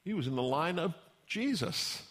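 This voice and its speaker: A man's voice: on the high side, animated, normal speed, a bit bright. A man pastor preaching a sermon in a folksy storytelling way, acting out the characters he describes.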